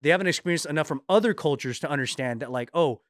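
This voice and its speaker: A man's voice: a little high, fast, a bit bright, no room sound, studio quality. A man on a comedy talk show making earnest, reflective points in casual chat. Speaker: commentator.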